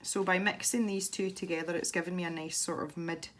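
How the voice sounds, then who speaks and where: Slight background noise sits behind this Scottish woman as she briskly talks through a colouring technique for her channel. Her voice is on the low side with fairly even intonation, and she rambles and laughs easily.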